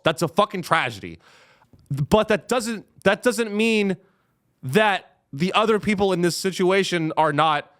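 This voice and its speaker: A man's voice: on the high side, fairly bright tone. A young man hosting a comedy podcast. He sounds caffeinated and rambles through a profane monologue, full of restarts.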